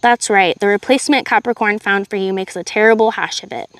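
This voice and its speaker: A woman voicing a menacing male thug with a rasping voice and a slow, taunting manner. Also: mid-range voice, a bit bright, dry recording, natural voice.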